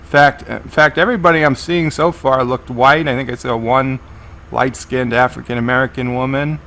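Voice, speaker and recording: A man's voice: mid-range voice, steady tone, moderate pace, a bit bright. A man giving live reaction commentary on a TV episode, narrating scenes as they unfold and often restarting his sentences. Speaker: TV episode reviewer.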